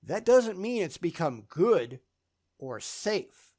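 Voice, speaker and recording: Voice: mid-range voice, very animated, slow, warm tone. A YouTube channel host answering viewer questions in a blunt, scornful, profane monologue with dismissive sarcasm.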